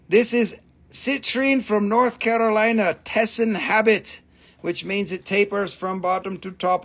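High-voiced and fairly bright in tone, a man hosts a live stream selling rocks and crystals. He keeps the sales chat casual with joking, profane teasing, trailing off into repeated fillers when flustered.

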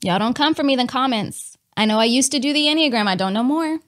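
A woman telling a personal testimony in a candid, animated way, talking to her listeners as y'all and laughing between lines. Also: high-pitched, fast talker. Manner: chatty with many fillers and laughs.

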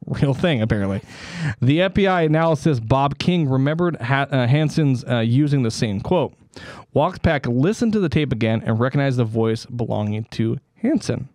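A man's voice: mid-range voice, lively intonation, moderate pace, darkish tone, no echo, studio quality. A man co-hosting a comedy podcast, reading out a story casually and stumbling over names with joking asides. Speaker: podcast co-host.

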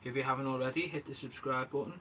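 A man's voice: medium pitch, fairly even intonation, fast, a bit bright, slight background noise. A man streaming live from his bait shack, chatting casually, calling viewers mate and answering the live chat as he works. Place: small bait and tackle shack, indoors.

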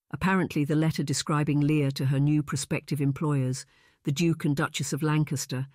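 This man narrates a historical romance audiobook from a script, keeping his storytelling steady and measured. His voice sits fairly high, captured dry with clean studio sound.

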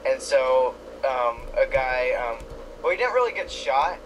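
A man's voice: mid-range voice, sing-song, a little slow, background noise. A man playing along in a gaming session, teasing his friends and telling rambling stories full of fillers. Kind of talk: casual let's-play chat.

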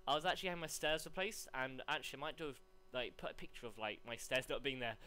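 A young man commentating live on his gameplay, rambling between chat and excited yelps. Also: fairly high pitch, fast, hardly any pauses, clean tone. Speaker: gaming commentator.

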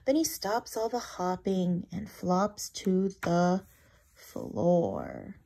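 A woman teacher reading a picture book aloud to children, expressive and asking the listeners questions. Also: medium pitch, slow, vocal fry. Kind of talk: read-aloud storytelling for children.

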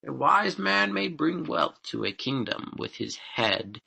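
A man voicing a wise, patient spirit godfather who speaks in a measured, counselling way. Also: mid-range voice, big pitch swings, vocal fry, bright, forceful tone, a little hiss or hum, full character voice.

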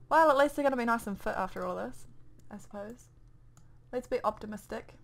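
A young woman from New Zealand, by her accent, offers casual let's play commentary at home through a desk microphone, rambling and muttering to herself. Her voice is high-pitched and her pace measured.

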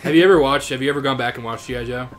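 A man co-hosting a let's play, telling stories in a rambling, animated way full of "like". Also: mid-range voice, very fast. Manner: rambling, animated storytelling, lots of "like". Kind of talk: casual chat over gameplay. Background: game music.

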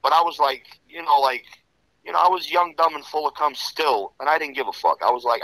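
A man telling rough stories in a casual interview, profane and rambling, full of "you know". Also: a little high, a little fast, pushed and bright, no room sound, rough recording. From Serbian Romanian background. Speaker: interview guest.

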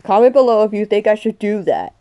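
A woman's voice: medium pitch, lively intonation, a little fast, warm tone, dry recording, studio quality. A woman in her twenties commenting on a game she is playing, jumpy and swinging from muttering to shrieking. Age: 20s. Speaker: gaming youtuber. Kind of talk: excited let's-play commentary.

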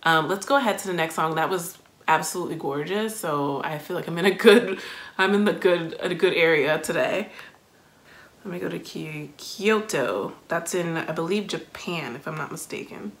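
A woman hosting a music reaction video, giving thoughtful, emotional first impressions with frequent pauses and fillers. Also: fairly low pitch. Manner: thoughtful, emotional, many fillers and self-interruptions. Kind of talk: casual reaction commentary.

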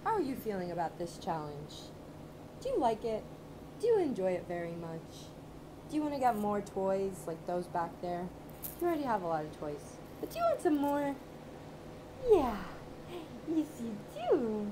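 A young woman coaxing her dog in a high, sing-song voice, repeating short commands. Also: very animated, normal speed, noisy background. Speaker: dog owner. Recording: music playing behind.

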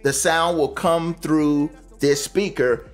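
A man's voice: a little high, takes it slowly, soft background music. Upbeat man explaining his instrument. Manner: enthusiastic, relaxed slang. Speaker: talk box player, guest. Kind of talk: casual explanation with demonstration.

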